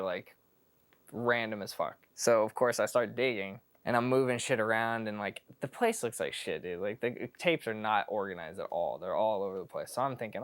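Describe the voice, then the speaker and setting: A man telling a story in an interview, swearing freely and acting out the voices of the people in it. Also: medium pitch. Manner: profane, acts out voices in anecdote. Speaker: interviewee, tape collector. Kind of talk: animated storytelling.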